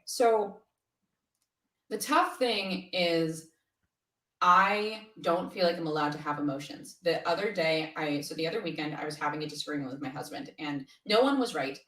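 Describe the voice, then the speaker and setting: An animated, candid woman speaks as an interview guest and laughs easily. She sits some way off the mic, and the room lends her voice a roomy echo. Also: on the low side, far from the mic. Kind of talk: casual interview conversation.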